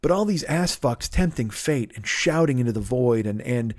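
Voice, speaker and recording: A man's voice: mid-range voice, lively intonation, moderate pace, a little mellow, no room sound, studio quality. A man hosting a comedy podcast, ranting with sarcasm and heavy swearing and acting out other people in put-on voices. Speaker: podcast host. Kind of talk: profane comedic rant.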